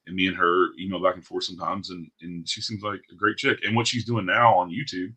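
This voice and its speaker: A man's voice: sits low, level tone, fairly quick, sharp tone, breathy edge. A man hosting a podcast in casual chat, talking bluntly and profanely in a ranting way. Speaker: podcast host.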